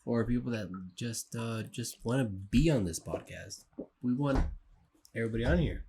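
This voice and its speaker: A woman's voice: a bass voice, moderate pace, very noisy. A woman co-hosting a podcast over drinks, teasing and blunt in casual chat. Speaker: podcast co-host.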